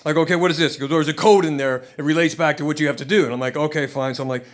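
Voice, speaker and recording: A man's voice: fairly high pitch, steady tone, very fast. An American man telling a profane stand-up story, acting out both sides of the dialogue on a comedy club stage. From United States. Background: audience laughter.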